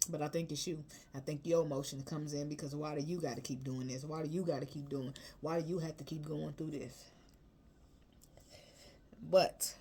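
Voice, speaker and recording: A woman's voice: low voice, background noise. A woman reading tarot cards in a chatty, emotional, colloquial way. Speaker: tarot reader.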